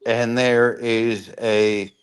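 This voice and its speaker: A man's voice: mid-range voice, little pitch movement, extremely slow, clean tone. A man calling in as a guest on a casual sports talk show, bantering playfully. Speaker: call-in guest.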